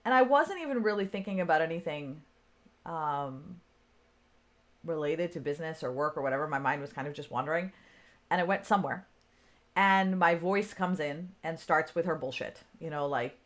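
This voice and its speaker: A woman's voice: fairly low pitch, expressive, moderate pace. A woman telling a personal story in a casual, conversational way, often checking in with her listeners. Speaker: speaker on self-care.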